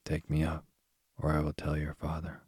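A man's voice: a bass voice, completely flat delivery, normal speed, a little mellow, husky, no echo, heavily acted. A man doing a pushy talking frog. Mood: demanding. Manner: insistent, demanding. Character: cold pushy male frog.

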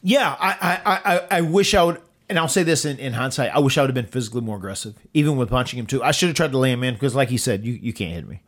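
A man hosting a podcast, telling a story in a loose, animated way and acting out quotes. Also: fast talker, few pauses. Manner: animated, acts out quotes with rising pitch. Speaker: podcast host. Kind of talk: casual storytelling.

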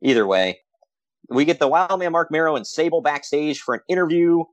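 A man with a somewhat high voice co-hosts a podcast, casually chatting about old wrestling shows. He is animated, tossing in sarcastic asides and quick laughs, and the recording has no echo.

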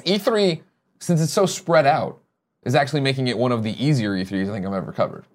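Fast-talking man hosting a morning show. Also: medium pitch. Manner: fast, joking, swearing banter. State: tired after a busy weekend. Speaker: show host. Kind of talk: casual morning show chat.

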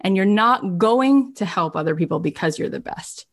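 A woman's voice: medium pitch, lively intonation, normal speed. A woman hosting an interview, speaking with heartfelt praise of her guest. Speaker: podcast host. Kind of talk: emotional interview talk.

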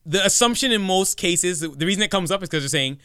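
A man's voice: high voice, expressive, brisk, pushed and bright, smooth, dry recording, clean studio sound. A man with a Canadian accent hosting a casual podcast, joking with his co-hosts and laughing often. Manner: laughing, joking, self-mocking. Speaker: podcast host.

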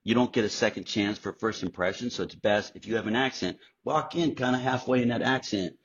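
A middle-aged man with a low, husky voice tells his stories with animated energy and plenty of swearing. The audio is slightly dull and lo-fi, like a home podcast recording. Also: brisk. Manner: animated, profane storyteller acting out quotes. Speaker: guest actor. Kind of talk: casual interview storytelling.

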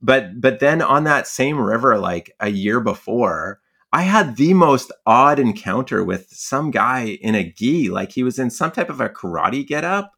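A man's voice: mid-range voice, expressive, unhurried, vocal fry, pushed and bright, slightly rough. A young man telling stories casually in a conversation, rambling with many filler words and frequent laughs. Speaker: guest, fly angler and magazine writer.

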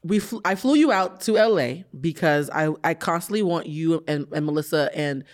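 A podcast host talking in a blunt, animated, storytelling way during a casual conversation. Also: female voice, low voice, normal speed.

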